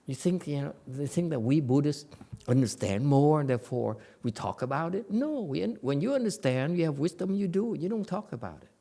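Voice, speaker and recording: Gravelly, blunt Buddhist teacher. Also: male voice, on the high side, big pitch swings, fairly quick, warm tone. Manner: blunt, joking, repeats for emphasis. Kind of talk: dharma lecture. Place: meditation center hall.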